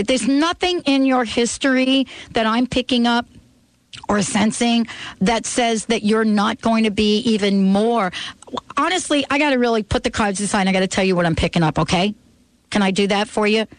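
A woman's voice: a little high, normal speed, dry recording, low-quality recording. Earnest woman giving a card reading. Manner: earnest, insistent, repeats key phrases. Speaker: radio show host and intuitive card reader.

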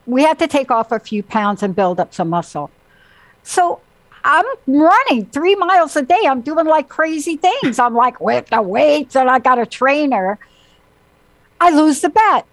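High-voiced woman host, dry close sound. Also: dry recording, low-quality recording. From Italian heritage. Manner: animated storytelling, acting out quotes. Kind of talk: casual chat.

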